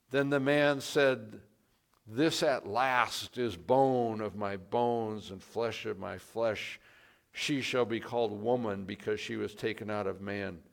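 A man preaching a sermon, slow and deliberate, pressing hard on key words for emphasis. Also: on the low side, vocal fry. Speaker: pastor.

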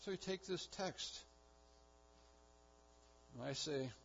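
A man's voice: a little high, takes it slowly, vocal fry, pauses often, fairly bright tone, slight background noise. A man preaching a sermon, building emphasis with repeated phrases. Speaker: pastor. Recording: dull lo-fi recording.

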